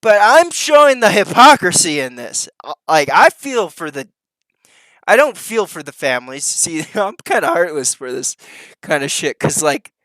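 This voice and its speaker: A man's voice: a little high, big pitch swings, moderate pace, a bit bright, dry recording. A man reacting to news clips with profane, sneering commentary.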